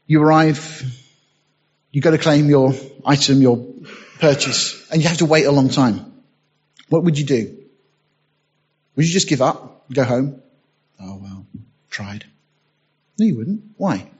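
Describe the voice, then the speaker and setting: Male preacher, husky and a touch high-pitched, reads scripture and builds to emphatic peaks; muffled lo-fi recording. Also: a little slow, long pauses, a little mellow. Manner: reads scripture aloud, rising to emphatic bursts. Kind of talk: sermon.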